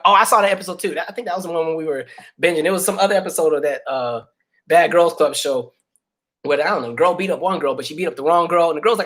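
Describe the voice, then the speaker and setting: A man in his thirties hosts a casual livestream and tells stories to his viewers with plenty of fillers. His voice sits a bit high and sounds bright and forward. He keeps it loose and animated. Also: fairly quick. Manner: animated storytelling, many fillers. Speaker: livestream host.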